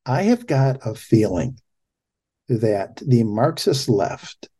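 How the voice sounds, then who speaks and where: A man's voice: mid-range voice, sing-song, slow, mellow, husky. A middle-aged man hosting a talk show, giving impassioned, emphatic political commentary.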